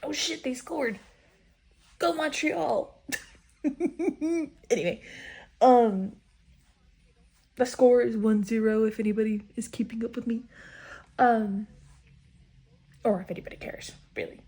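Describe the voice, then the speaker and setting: A woman chatting casually in a reading vlog, full of fillers, swearing and sudden excited outbursts. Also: fairly high pitch, unhurried, long pauses, slightly rough. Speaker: book vlogger.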